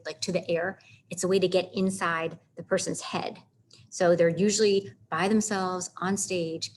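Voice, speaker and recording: A woman teaching a casual literature lesson, chatty and animated, stopping to read lines of verse aloud with heavy stresses. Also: fairly low pitch, a little hiss or hum. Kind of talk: casual classroom lecture on literature.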